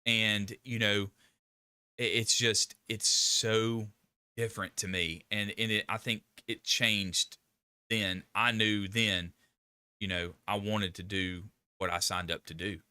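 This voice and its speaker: Older male stream host, rambling and emphatic, tense bright delivery, dry close sound. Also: on the low side, level tone, takes it slowly, smooth, dry recording. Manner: rambling, emphatic, with frequent restarts and laughs. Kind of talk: casual live stream chat.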